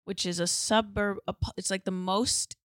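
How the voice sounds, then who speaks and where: A woman's voice: mid-range voice, fairly even intonation, no room sound. Young female co-host from San Diego, playful, theatrical chatter, dry mic. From San Diego, USA. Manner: playful, dramatic, quick laughs. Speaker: podcast co-host. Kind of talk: casual chat.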